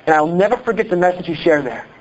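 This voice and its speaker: A pastor from Iowa with a Midwestern accent, preaching a sermon in an animated, conversational way full of rhetorical questions. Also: male voice, high voice, fast, lo-fi sound. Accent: Midwestern American.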